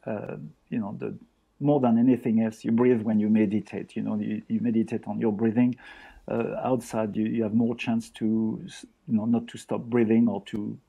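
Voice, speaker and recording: A man's voice: fairly low pitch, level tone, moderate pace, creaky, husky, narrow, tinny audio. An older man from France with a French accent, chatting as a podcast guest with frequent restarts. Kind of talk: casual podcast chat.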